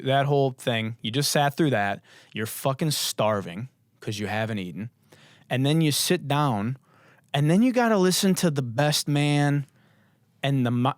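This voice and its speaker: A young man hosting a casual solo podcast, hoarse with his voice mostly gone, rambling and swearing in a jokey way. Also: mid-range voice, no echo, studio quality. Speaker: podcast host.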